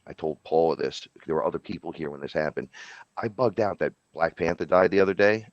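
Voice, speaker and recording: Man, very low voice, casual podcast chat, rambling profane storyteller, dry slightly dull recording. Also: fairly even intonation, a little fast, no room sound. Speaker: podcast speaker.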